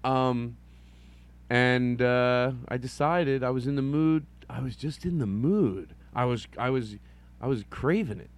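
A man's voice: medium pitch, measured pace. A middle-aged man hosting a solo podcast, rambling and self-mocking, often slipping into playful silly voices. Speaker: podcast host.

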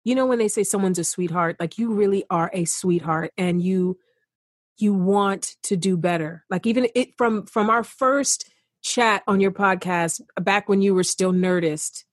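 A woman's voice: mid-range voice, moderate pace, dry recording, studio quality. A woman as a guest in a casual, heartfelt conversation on a remote call, affectionate and chatty with many restarts. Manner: affectionate, calls him honey.

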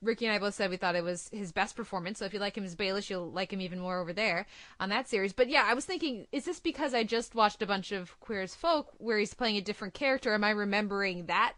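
A woman hosting a casual TV discussion, quick and talkative. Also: mid-range voice, a bit bright, dry recording. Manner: quick, laughs easily, talkative. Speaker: podcast host.

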